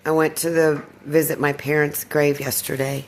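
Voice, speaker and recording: A woman talking in a personal vlog monologue, weary and distressed, sighing and clearing her throat. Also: sits low, little pitch movement, moderate pace, a little hiss or hum. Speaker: video blogger.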